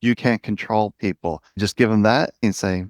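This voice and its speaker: A man's voice: fairly low pitch, steady tone, moderate pace, dry recording, clean studio sound. A man hosting an interview, talking in an earnest, affirming and reflective way. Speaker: podcast host. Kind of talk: conversational interview.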